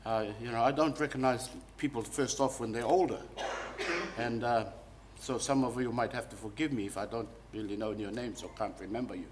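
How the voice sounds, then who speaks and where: A man's voice: mid-range voice, fairly even intonation, brisk, a little hiss or hum. A man, a funeral celebrant, telling a folksy, rambling eulogy at a funeral service.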